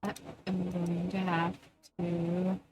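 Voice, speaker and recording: A woman's voice: fairly low pitch, completely flat delivery, slow pace, noisy background. A woman chatting casually on a live stream, distracted and muttering curses as her tech acts up.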